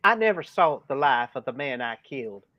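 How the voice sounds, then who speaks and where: A man's voice: mid-range voice, big pitch swings, normal speed, pushed and bright, dry recording. A man reading as a condemned soldier giving a solemn final statement before his hanging. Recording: dull dry lo-fi sound.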